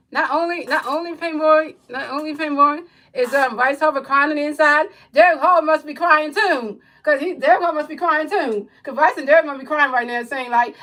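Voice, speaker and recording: Woman with a slightly high voice, livestream commentator, casual play-by-play, repetitive calls, frustrated rants. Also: fairly quick, fairly bright tone, rough recording.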